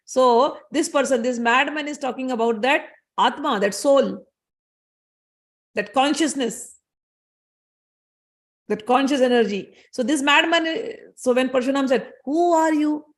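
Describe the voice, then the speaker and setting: A woman retells a scripture story and explains it, in a lively, conversational teaching manner. Her voice sits fairly high, with a persistent vocal fry. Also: measured pace, long pauses. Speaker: spiritual storyteller.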